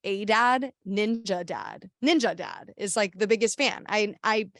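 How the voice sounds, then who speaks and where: A woman's voice: mid-range voice, lively intonation, unhurried, no room sound, studio quality. A young woman, an activist, giving a casual workshop talk in a chatty, sassy way with lots of fillers and restarts.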